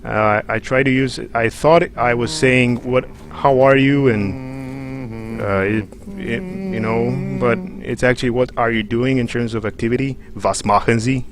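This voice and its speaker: A man keeps up loose, jokey live commentary as he plays. His voice sits in an ordinary middle pitch. A faint hiss runs under the recording. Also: steady tone, measured pace. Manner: chatty, rambling, jokey. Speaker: livestream host. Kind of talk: let's play commentary.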